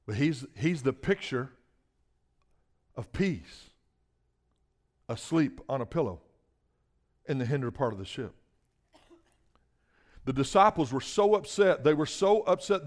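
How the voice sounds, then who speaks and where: A man delivers a sermon in a mid-range voice, swinging from quiet asides to loud, forceful bursts and calling on the congregation to answer back.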